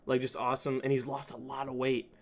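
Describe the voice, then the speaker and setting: A young man hosting a podcast, telling stories in an animated, casual way and laughing often. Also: medium pitch, fast talker. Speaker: podcast host. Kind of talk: casual chat.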